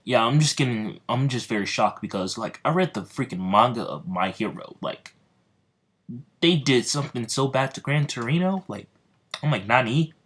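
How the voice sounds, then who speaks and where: A young man casually narrating a fan story, rambling with many fillers and getting excitable. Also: mid-range voice, normal speed. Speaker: storyteller, video creator.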